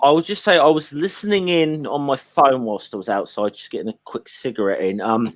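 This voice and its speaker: A man's voice: medium pitch, a little fast, a little hiss or hum. A man in casual chat who speaks hesitantly, apologises often and begins his sentences with many false starts. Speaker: guest on a casual online chat.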